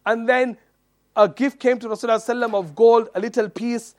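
High-pitched preacher man, acts out the dialogue, lots of uhs and you knows. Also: normal speed. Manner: animated retelling, acts out quoted dialogue, many fillers. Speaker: Islamic preacher. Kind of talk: storytelling sermon.

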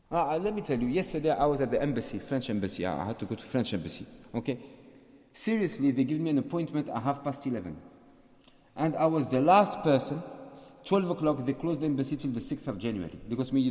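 A man's voice: mid-range voice, a little mellow. A man leading a casual group question-and-answer session, chatty and storytelling, slipping in Urdu words. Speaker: community teacher leading a Q&A. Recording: echoey hall.

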